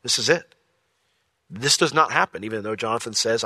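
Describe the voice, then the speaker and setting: A man preaching a sermon in a lively, conversational way, with jokey asides. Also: mid-range voice, normal speed, pauses often, husky, no room sound. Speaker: pastor.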